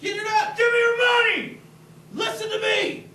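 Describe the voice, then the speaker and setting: A man playing a shrill, yelling robber. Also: level tone, moderate pace. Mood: shouting, threatening. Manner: yelling commands, improvised. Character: male armed robber, aggressive and shouting. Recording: distant echoey room with loud background noise.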